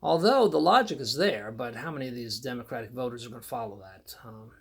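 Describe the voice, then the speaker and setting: Gravelly man with halting, dry commentary. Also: medium pitch, animated. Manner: halting, frequent um and uh pauses. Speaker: political commentator. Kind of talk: solo spoken commentary.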